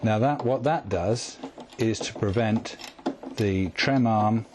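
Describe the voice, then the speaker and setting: A man calmly walking through a guitar tremolo setup step by step, patient and methodical. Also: fairly low pitch, slow, noisy background. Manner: calm, patient, step-by-step explaining. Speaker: guitar tech instructor. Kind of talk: instructional demonstration.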